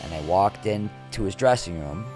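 A middle-aged man telling anecdotes in a casual interview as a podcast guest, lively, with quick asides. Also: low-pitched, music in the background. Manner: animated anecdotes, quick asides, acts out quoted people.

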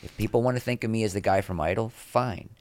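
With no room sound, this interview guest speaks fast in a fairly low voice. He's a middle-aged man who rambles through candid, self-deprecating stories, livening up to imitate the people he quotes.

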